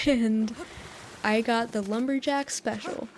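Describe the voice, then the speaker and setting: A young woman from the United States, softly rambling and telling meandering stories with frequent laughs while playing a relaxing game. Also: fairly high pitch, fairly even intonation, slow pace, background noise. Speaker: gaming channel host. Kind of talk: soft-spoken rambling over relaxing gameplay.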